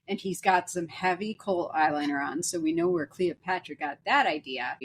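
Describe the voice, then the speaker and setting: A woman's voice: fairly low pitch, moderate pace, husky. A woman co-hosting a film podcast, joking and rambling with frequent restarts in casual chat. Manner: jokey, rambling, many restarts. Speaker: podcast co-host.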